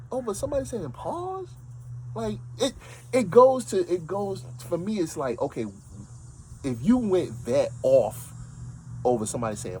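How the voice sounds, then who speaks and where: A man with a New York accent speaks in a loose, emphatic monologue, circling back over his own points. His pitch jumps around a lot as he talks. Faint street and vehicle noise sits behind him. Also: low-quality recording. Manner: animated, emphatic, repeats himself. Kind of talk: casual monologue.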